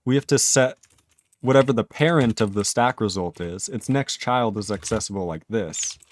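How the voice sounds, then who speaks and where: A man's voice: lowish voice, moderate pace, a little hiss or hum. A man live-streaming his programming work, thinking aloud in casual talk, chuckling often and chatting with his viewers.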